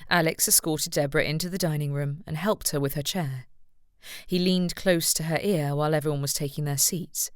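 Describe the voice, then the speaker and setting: Woman narrator for an audiobook: measured and even, low, dry. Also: no room sound. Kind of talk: scripted narration.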